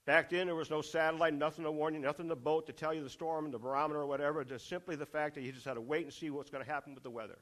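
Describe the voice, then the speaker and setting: A man's voice: fairly high pitch, fairly even intonation, rapid-fire, few pauses, a bit bright. A man preaching a sermon, asking the congregation rhetorical questions and driving points home through repetition.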